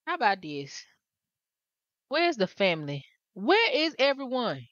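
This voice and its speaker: A woman's voice: fairly high pitch, unhurried, no room sound, highs cut off. A woman giving casual, exasperated gameplay commentary straight to her viewers. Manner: animated, exasperated, talks to viewers.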